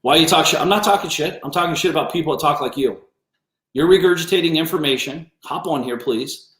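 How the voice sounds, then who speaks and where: A man's voice: on the high side, a little fast, fairly bright tone. A man hosting a business coaching livestream, ranting bluntly and confrontationally with lots of swearing. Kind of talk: livestream rant. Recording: roomy echo.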